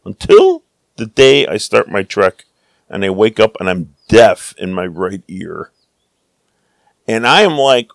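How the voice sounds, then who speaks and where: An American man casually telling a story about his travels, lively, acting out the people he quotes. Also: on the low side, takes it slowly, gravelly, pauses often, no room sound. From United States. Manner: animated, acts out quoted voices.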